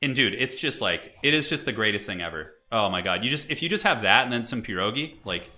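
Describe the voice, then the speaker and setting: Young man, live game commentary, chatty and excitable, lively pitch, bright voice. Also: fairly quick, hardly any pauses. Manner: chatty, excitable, laughs often. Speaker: streamer casting a multiplayer strategy game.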